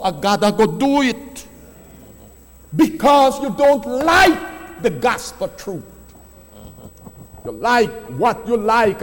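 A man with a very high, lively voice preaches a sermon. He drives his points home by repeating words and stretching out key phrases. His voice rings with the long reverb of a large hall.

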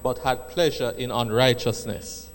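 A man reading scripture aloud in a congregation, plain and measured. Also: mid-range voice, fairly even intonation, in a large hall.

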